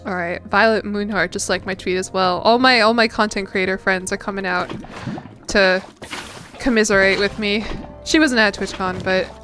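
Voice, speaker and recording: A young American woman with a medium-pitched, fairly bright voice streams a game while chatting casually with viewers. She laughs often and rambles, using lots of fillers.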